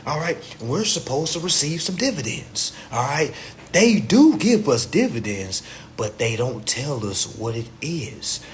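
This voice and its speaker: A man's voice: fairly high pitch, very animated, unhurried, slight background noise. A man hosting a casual livestream rant, talking in loose, profane street slang and acting out little back-and-forth dialogues into his phone. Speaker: host of a livestream.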